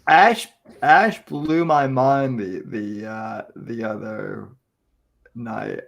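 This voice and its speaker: A man's voice: mid-range voice, very slow, gravelly. A man with a mid-range voice chatting on a podcast. He stammers and restarts often, feeling his way through each thought. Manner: hesitant, stammering, many restarts. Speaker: podcast co-host. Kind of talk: casual podcast banter.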